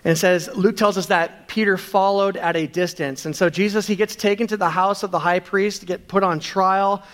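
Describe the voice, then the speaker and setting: Male pastor with a high voice, preaching earnestly with rhetorical questions. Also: steady tone, normal speed, a bit bright. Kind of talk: sermon.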